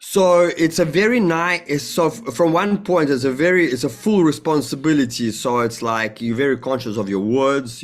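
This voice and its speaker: A man talking as an interview guest about spirituality. He rambles and restarts, swears casually, and acts out little dialogues in a raised voice. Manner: rambling and emphatic, with frequent profanity; acts out dialogue with a jumpy, higher voice. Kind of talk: conversational interview, spiritual talk.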